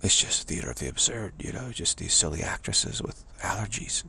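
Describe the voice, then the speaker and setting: A man speaking in a rambling spiritual monologue, halting and restarting, with mocking asides. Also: low voice, very animated, gravelly, bright, forceful tone, slight background noise.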